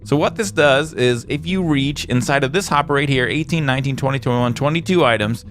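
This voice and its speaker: This gaming video host, a young man, jokes his way through casual let's-play commentary and coins silly words. His voice sits at medium pitch and moves a little fast, with soft guitar playing behind him.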